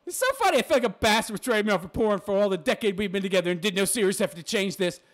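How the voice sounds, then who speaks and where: A man's voice: high-pitched, fairly even intonation, very fast. A man ranting in reaction commentary, crude and mocking, often laughing at his own jabs.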